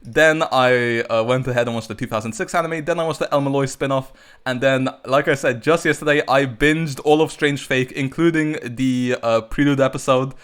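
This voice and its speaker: A male gaming YouTuber chats loosely through his summons, in a voice of middling pitch. He rambles with plenty of fillers and rushes of excitement. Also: smooth. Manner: chatty and rambling, many fillers, bursts of excitement. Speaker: gacha game YouTuber. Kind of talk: casual commentary while pulling on a game banner.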